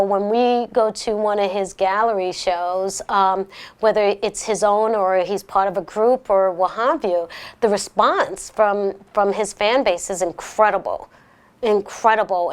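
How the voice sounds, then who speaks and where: A middle-aged woman from Brooklyn, talking casually as an interview guest. She is animated and repeats her phrases for emphasis. Her pitch sits in an ordinary middle range. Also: measured pace, smooth. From Brooklyn, New York. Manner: animated, repeats phrases, jumps high when quoting others.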